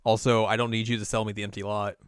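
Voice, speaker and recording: With a low, level, clean-toned voice and a quick pace, the man loosely recaps a video game story on a podcast. Fillers like "like" and repeated restarts run through his chat, recorded dry in a studio.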